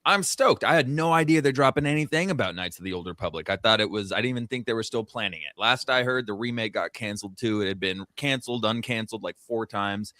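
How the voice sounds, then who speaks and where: A man co-hosting a podcast, chatting casually in an animated, rambling way with many restarts over a remote call mic. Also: on the low side, quick pace, few pauses, no room sound. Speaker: podcast co-host. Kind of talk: casual chat.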